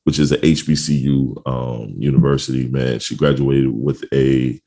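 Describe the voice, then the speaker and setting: A man's voice: extremely low pitch, steady tone, moderate pace, dark tone. A middle-aged man hosting a podcast, talking in a laid-back, casual way with lots of slang and laughter. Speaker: podcast host.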